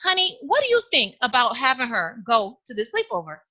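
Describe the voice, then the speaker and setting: A woman voicing an anxious, protective mother who speaks firmly but gently to her child. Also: on the high side, huge pitch swings, brisk, no echo, lo-fi sound, exaggerated voice. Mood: gentle. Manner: firm, soothing.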